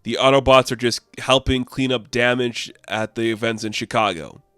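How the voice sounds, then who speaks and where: A man with a smooth, clear voice talks through a comic book issue in a loose, opinionated way, leaning on fillers as he goes. He sits at a middle pitch in a dry, close room with no echo. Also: steady tone, normal speed, a bit bright. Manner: opinionated, rambling with frequent fillers. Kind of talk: casual comic review.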